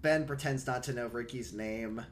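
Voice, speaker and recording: A man's voice: medium pitch, moderate pace, a little hiss or hum. A man co-hosting a podcast, casually recapping a TV episode and acting out the characters' lines. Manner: animated, acts out characters' lines in shifting voices. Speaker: podcast co-host.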